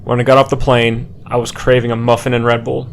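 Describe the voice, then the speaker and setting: Young man, podcast co-host, animated storyteller, faint background hiss. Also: mid-range voice, a little fast, vocal fry. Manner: animated anecdote telling with laughs. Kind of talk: casual storytelling among friends.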